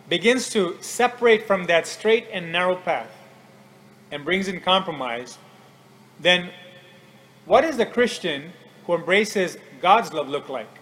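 Man, radio preacher, higher-pitched voice, earnest, measured delivery, scripture quotes. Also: a bit bright, poor audio. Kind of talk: radio sermon.

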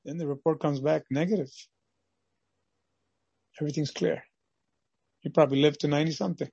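Husky, higher-pitched male preacher. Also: steady tone, brisk, a little mellow, dry recording, lo-fi sound. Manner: dramatic storytelling, acts out scenes. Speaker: pastor. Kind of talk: devotional sermon.

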